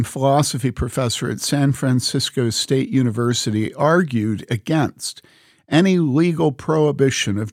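A man reading a book aloud in a measured, earnest way, speaking the quote marks as he goes. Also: mid-range voice, a little mellow, no echo, studio quality. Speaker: reader.

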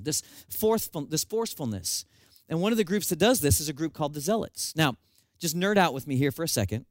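A man preaching a sermon with animated storytelling and self-mocking humor. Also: fairly high pitch, dry recording. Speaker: pastor.

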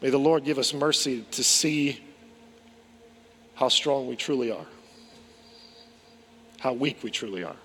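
A man's voice: medium pitch, measured pace, long pauses, a bit bright, slight background noise. A man preaching a sermon as pastor, earnest, asking rhetorical questions and restarting his phrases. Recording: long hall reverb.

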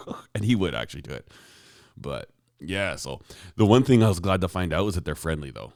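Very animated and fairly quick, a man with a low, creaky, darkish voice rambles through a long story on the casual podcast he co-hosts, acting out the people in it and voicing a quoted neighbor. The setting is a rural home shop, with clean studio sound and no echo.

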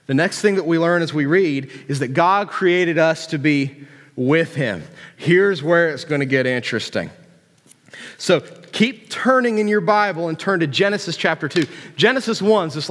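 A man's voice: on the high side, expressive, moderate pace, a bit bright. A man preaching a casual, joking sermon to a young group, often restarting his sentences. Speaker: youth pastor. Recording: long hall reverb.

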